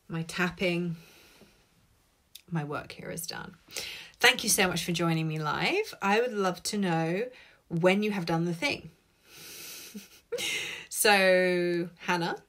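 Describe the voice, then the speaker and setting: A woman talks casually to viewers on a live stream from her laptop, chatty and swearing freely. Her voice sits a little low, loose and conversational as she reacts to comments. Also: fairly bright tone. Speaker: host of live tapping session.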